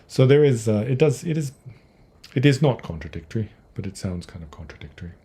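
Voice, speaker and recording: A man's voice: mid-range voice, lively intonation, brisk, dark tone, husky. A man teaching Buddhism on a livestream Q&A, answering viewer questions in a conversational, digressive way, often restarting his sentences. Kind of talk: livestream Q&A talk.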